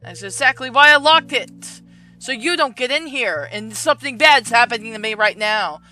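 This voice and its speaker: A woman's voice: a little high, lively intonation, normal speed, bright, forceful tone, faint music behind. A woman reading the lines of a defensive young adult son who talks back to his mother in a story game, in a sarcastic, defiant way.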